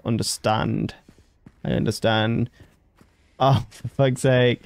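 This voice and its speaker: A man commentating a horror game as he plays, excitable and jokey, reading the game's text aloud. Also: medium pitch, a little slow, pauses often, smooth, dry recording. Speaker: gamer. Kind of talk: let's play commentary.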